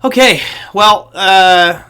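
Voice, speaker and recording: Bright-voiced chatty male trading host. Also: sits high, extremely slow, clean tone. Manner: rambling, chatty, self-deprecating. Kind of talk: casual market commentary to viewers.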